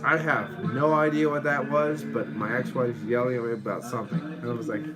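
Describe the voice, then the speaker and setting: A man's voice: medium pitch, fairly even intonation, brisk, music in the background, poor audio. Profane rambling man reviewing beer. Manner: rambling, profane, bursts into shouting at viewers. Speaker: beer reviewer on a live stream. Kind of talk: casual live-stream beer review.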